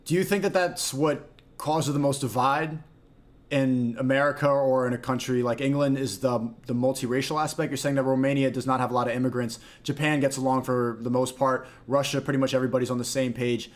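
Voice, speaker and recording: Male host, mid-pitch, calm and measured, casual interview. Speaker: livestream host.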